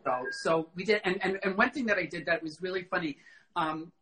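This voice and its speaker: A middle-aged man, a guest in a casual interview, telling animated stories and acting out quoted dialogue, with frequent fillers. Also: high-pitched, a little fast, low-quality recording. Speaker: costume designer guest.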